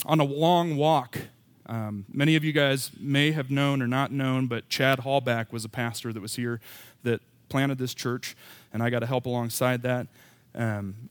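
A man's voice: mid-range voice, dry recording. A man preaching a sermon as pastor, candid and self-deprecating, with emphatic rising bursts.

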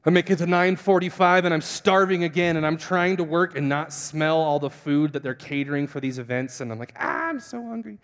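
A young man, a pastor, telling a funny self-mocking story in a sermon and acting out the voices with big jumps in pitch. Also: level tone, fairly quick, hardly any pauses. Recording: long hall reverb.

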